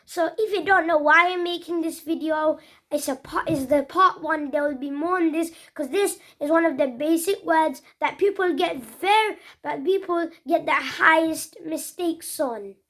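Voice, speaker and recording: An English child presenting a casual pronunciation lesson, repeating sounds slowly and earnestly, with frequent restarts. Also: female voice, very high-pitched, a bit bright. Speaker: pronunciation trainer.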